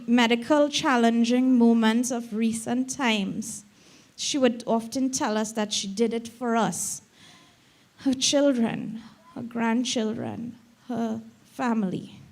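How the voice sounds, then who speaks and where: A woman's voice: a little high, darkish tone. Tearful Trinidadian woman reading a eulogy. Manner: slow, earnest reading that breaks into tears at times. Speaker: daughter giving a eulogy. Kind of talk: funeral eulogy read aloud.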